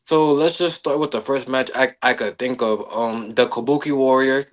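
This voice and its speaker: A man hosts a casual podcast in an easygoing, unhurried manner. He fills his pauses with plenty of "um"s. His voice sits in an average pitch for a man. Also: clear, resonant tone. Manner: relaxed, loose, uses many fillers. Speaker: podcast host.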